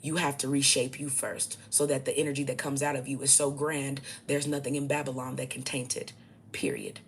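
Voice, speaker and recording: A woman with a low, heavy voice holds forth to camera as a self-styled spiritual teacher. She preaches in a blunt, profane, combative way. Faint noise sits under her voice. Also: flat delivery, brisk. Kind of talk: ranting monologue to camera.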